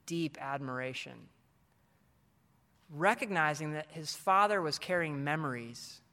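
A man's voice: on the high side, sharp tone. A man giving a conference talk to fellow teachers, earnest and coaching in tone, with frequent ums and restarts. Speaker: teacher speaking to fellow educators. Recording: long hall reverb.

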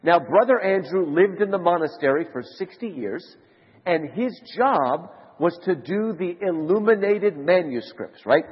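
A man giving a conference lecture to a live audience, telling stories in an animated way. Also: a little slow, breathy edge. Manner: animated storyteller, rising to high excited shouts. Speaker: conference speaker. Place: large conference hall. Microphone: handheld mic. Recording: lo-fi hall recording with long reverb.

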